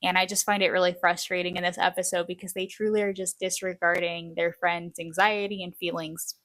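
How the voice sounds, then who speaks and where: A woman's voice: on the low side, flat delivery, brisk, fairly bright tone, no room sound. A woman recapping a TV show in a chatty, casual way, acting out quotes as she goes. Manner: chatty, acts out quotes, frequent "like". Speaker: video essay host.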